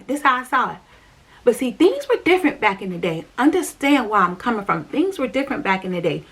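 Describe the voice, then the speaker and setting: A middle-aged woman vlogger, speaking straight to her viewers, earnestly shares a personal church testimony about her faith journey and repeats her key lines. Her medium-pitched voice is fairly bright and slightly rough, moving a little fast with big pitch swings.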